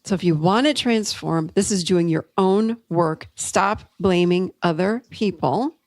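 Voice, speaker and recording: A middle-aged woman hosting a podcast, telling a coaching story in an upbeat, animated way. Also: lowish voice, a little slow, no echo. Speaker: podcast host and therapist. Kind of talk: solo teaching talk.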